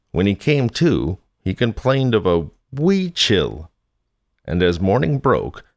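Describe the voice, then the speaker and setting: A man's voice: deep voice, creaky, no echo, studio quality. A man narrating a scripted true-crime story with a wry, dramatic delivery. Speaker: podcast narrator.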